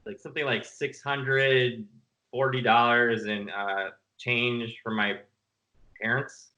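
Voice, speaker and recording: A man's voice: mid-range voice, level tone, takes it slowly, pushed and bright, highs cut off. A man telling stories in a casual interview, rambling and laughing often. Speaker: film director guest. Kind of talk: casual video-call interview.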